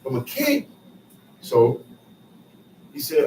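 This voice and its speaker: A man's voice: medium pitch, huge pitch swings, slow pace, darkish tone. A man explaining scripture verses in casual street slang, paraphrasing and repeating lines as he teaches. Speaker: bible teacher. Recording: roomy echo, far from mic, faint noise.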